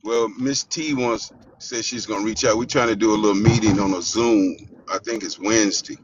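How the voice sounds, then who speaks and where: A man's voice: lowish voice, fairly even intonation, normal speed, over a noisy crowd. A man joining a live stream conversation, speaking hesitantly with stammering starts. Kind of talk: casual conversation. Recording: muffled, distant, faint background hum.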